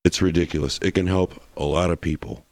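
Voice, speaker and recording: Man, podcast guest, very deep voice, dry close sound, casual profane chat. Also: steady tone, a little fast, darkish tone, dry recording. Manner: loose and profane, full of restarts.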